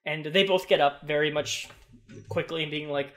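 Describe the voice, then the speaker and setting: A man narrating a tabletop role-playing game as game master, describing scenes in a halting way with many fillers. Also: on the high side, steady tone, fairly bright tone.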